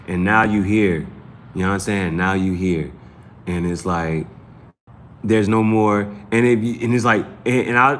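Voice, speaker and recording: Bright-voiced man ranting profanely. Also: medium pitch, slight background noise. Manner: profane, rambling, emphatic; repeats and restarts phrases. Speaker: host of a live tarot stream. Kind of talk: casual live-stream talk.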